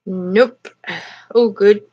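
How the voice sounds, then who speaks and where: A woman's voice: medium pitch, steady tone, very slow. Aussie lady chatting on a live, laughs a lot, bit dull lo-fi sound. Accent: Australian. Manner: chatty, laughs often, reads out viewer comments. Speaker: livestream host. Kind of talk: casual live chat.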